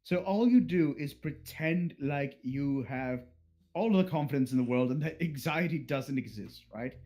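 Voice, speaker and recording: A man voicing a smug, unflappable male chef with a calm drawl. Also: a little high, normal speed, lightly acted.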